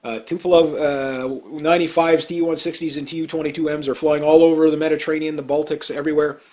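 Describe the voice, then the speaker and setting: A man's voice: a little high, flat delivery, fast, warm tone. A man giving casual monologue commentary, rambling and heated, with many fillers and restarts. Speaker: political commentator.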